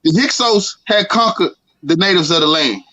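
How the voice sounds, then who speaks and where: A man's voice: a little high, lively intonation, normal speed, sharp tone, highs cut off. A young man hosting a casual panel, speaking in a fiery, emphatic way and repeating his points. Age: young adult. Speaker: host.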